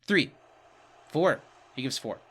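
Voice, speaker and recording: A man co-hosting a podcast in casual chat, playful, dropping low for asides. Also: lively intonation, takes it slowly, fairly bright tone, husky. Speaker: podcast co-host.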